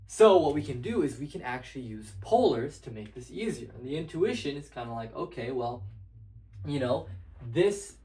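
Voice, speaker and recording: A young man explains math at a whiteboard in a casual, meandering way, stopping and restarting his sentences. His voice sits at a middling pitch. The room around him rings with noticeable echo. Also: sing-song, normal speed, mellow. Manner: loose and rambling, with many fillers and restarts. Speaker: math tutor. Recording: echoey room.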